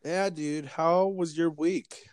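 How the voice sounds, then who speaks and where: A man's voice: fairly high pitch, fairly even intonation, slow pace, darkish tone, no echo, clean studio sound. A young man co-hosting a podcast in casual chat, laid-back and laughing, with a sprinkling of swearing. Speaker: podcast co-host.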